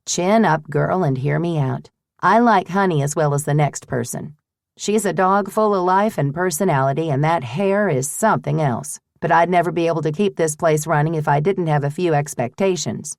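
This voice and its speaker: A woman voicing a brisk, firm landlady. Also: low voice, vocal fry, dry recording, studio quality. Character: shrewd older woman running a boarding house.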